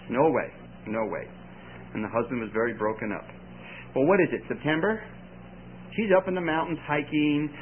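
A man preaching a sermon, telling stories with lively delivery and sudden shouted quotes. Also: a little high, husky. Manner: animated storytelling with shouted quotes. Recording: tinny phone-like recording with faint hiss.

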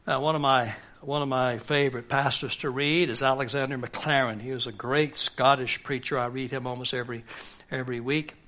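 A man's voice: mid-range voice, steady tone, brisk, sharp tone. A man preaching a sermon on humility, earnest and rising to emphatic peaks. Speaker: pastor.

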